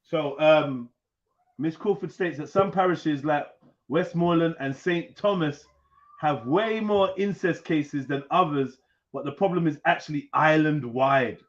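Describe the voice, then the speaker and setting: A man hosting a casual live panel, reading an article aloud haltingly with jokes, over a video call. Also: on the high side. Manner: joking, reads aloud haltingly. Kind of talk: casual live-stream banter. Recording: dull lo-fi stream audio.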